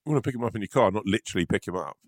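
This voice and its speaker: A man's voice: on the low side, expressive, racing, no room sound, studio quality. A man co-hosting a podcast in loose, comedic chat, often laughing. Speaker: podcast co-host.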